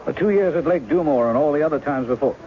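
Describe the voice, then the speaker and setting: A man's voice: on the high side, animated, quick pace, close to an everyday voice. An actor playing a charming, wry male novelist in his forties who poses as a woman's lost husband, in 1970s radio drama style. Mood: persuasive. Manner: teasing, easy charm. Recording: muffled old radio broadcast with music.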